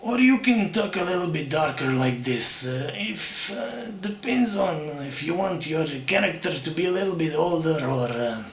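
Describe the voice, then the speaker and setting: A man's voice: fairly high pitch, expressive, moderate pace, hardly any pauses, a bit bright, slight background noise. A young man, demonstrating to camera in a hesitant, filler-heavy way. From Slovakia. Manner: hesitant, many fillers, slips into put-on accents. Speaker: aspiring actor demonstrating accents. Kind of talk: casual accent demonstration to camera. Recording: echoey room.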